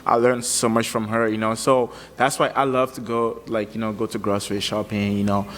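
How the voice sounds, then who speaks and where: A man from Africa, a musician guest, chatting casually in an animated, slangy way and laughing often. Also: lowish voice, brisk, in a large hall, slight background noise. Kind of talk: casual chat.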